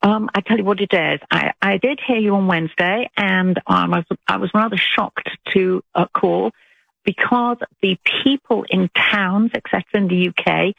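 A woman's voice: mid-range voice, moderate pace, creaky, dry recording. A British woman calling in to a talk radio show, speaking earnestly and rambling with restarts over a phone line. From United Kingdom. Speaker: caller.

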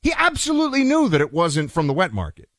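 A man co-hosting a talk radio show, sounding indignant and worked up. His pitch sits on the higher side and keeps rising as he builds his case. The sound is dry and close, with no room around it. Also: huge pitch swings, quick pace, fairly bright tone, dry recording. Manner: indignant, ramps up to high-pitched outrage.

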